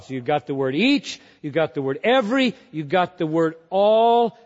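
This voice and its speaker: Male pastor, sermon, high voice, slow deliberate delivery, emphatic repetition, long hall reverb. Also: muffled recording. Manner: emphatic, repeats key words, swings from loud to hushed.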